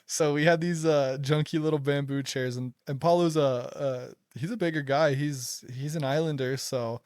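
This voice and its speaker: A man's voice: a little high, normal speed, smooth, dry recording, studio quality. A young man hosting a casual chat, telling stories with frequent laughter. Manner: laughs a lot, excitable storytelling. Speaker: podcast host.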